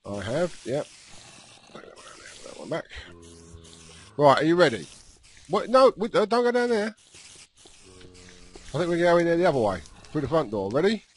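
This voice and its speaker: A man's voice: a little high, wildly swooping pitch, moderate pace, long pauses, slightly rough. A man giving casual, chatty commentary while he plays a game, teasing the monsters as he goes. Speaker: let's play host.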